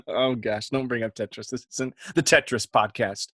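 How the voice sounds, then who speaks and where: A man's voice: mid-range voice, moderate pace, fairly bright tone, dry recording. A man co-hosting a casual podcast, rambling and self-deprecating, often laughing. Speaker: podcast co-host. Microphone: podcast mic.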